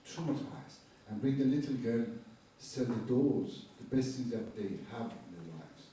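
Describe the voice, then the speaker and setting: An older photojournalist telling war stories to a lecture audience, in halting phrasing, raising his voice when quoting people. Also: medium pitch, animated, mellow, a little hiss or hum. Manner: earnest, halting non-native phrasing, quoting dialogue in a raised voice. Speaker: photojournalist giving a talk. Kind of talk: storytelling lecture with slides. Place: university lecture hall. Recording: roomy distant hall recording.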